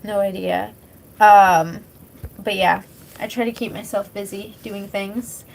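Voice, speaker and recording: A woman's voice: medium pitch, fairly even intonation, slow pace, creaky, poor audio. A young woman from British Columbia, streaming and chatting casually with her chat, rambling with lots of fillers and casual swearing. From British Columbia, Canada. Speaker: live streamer.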